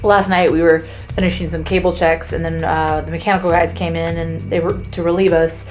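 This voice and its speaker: A young adult woman talking to camera in a casual vlog, chatty and emotional, acting out her own quotes with lively swings. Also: fairly low pitch, a little fast, faint music behind. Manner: emotional, chatty, animated quoting. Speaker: vlogger, spacecraft engineer.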